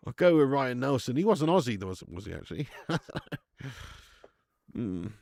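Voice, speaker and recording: A man's voice: medium pitch, very animated, moderate pace, creaky, darkish tone, no room sound, clean studio sound. A man hosting a live football watch-along, chatting casually, bantering with viewers and swearing now and then.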